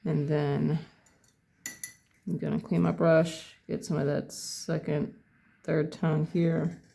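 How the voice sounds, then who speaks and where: A painting teacher talks through a tutorial in a gravelly voice with a dark, mellow tone. They take their time and think aloud about each step of the work. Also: medium pitch, little pitch movement, slow pace. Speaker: painting instructor.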